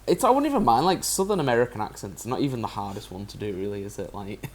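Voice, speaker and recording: Guy chatting film, voice jumps up and down loads, wondering out loud. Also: fairly low pitch, expressive, fast, a little hiss or hum. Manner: musing, wondering aloud with rising questions. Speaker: podcast co-host. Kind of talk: casual film podcast chat.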